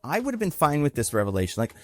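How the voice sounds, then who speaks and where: A man's voice: on the high side, wildly swooping pitch, rapid-fire, a little mellow, dry recording. A young man giving a casual, conversational breakdown of a TV episode, slipping into exaggerated voices when he quotes characters. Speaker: online film and TV commentator.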